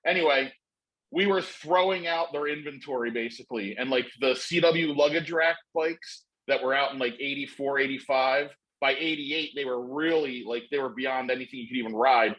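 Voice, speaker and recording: A man's voice: mid-range voice, moderate pace, fairly bright tone, poor audio. A middle-aged man telling a long story in casual chat, rambling and profane with lots of fillers.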